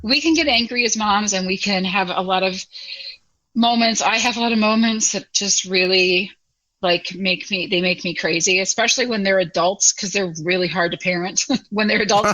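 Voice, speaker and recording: A woman hosts a podcast with a bright, clear voice. She talks in a warm, motherly way and encourages her guest as she asks questions. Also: medium pitch, moderate pace, rough recording. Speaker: podcast host. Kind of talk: casual chat.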